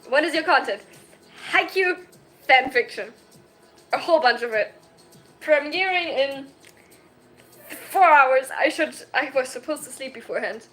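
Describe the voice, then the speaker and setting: Woman in her twenties, bright sharp voice, giggles and rambles, talking into a phone. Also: high-pitched, unhurried, long pauses, soft background music. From Germany. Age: 20s. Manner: excitable, giggly, rambling with self-mocking jokes. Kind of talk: casual chat.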